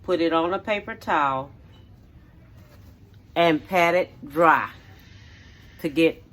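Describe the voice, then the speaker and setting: A middle-aged woman hosting her own cooking channel talks slowly with frequent pauses, her low voice a bit bright. Demonstrating in her home kitchen, she stays homey and casual, repeating steps and asking "okay?"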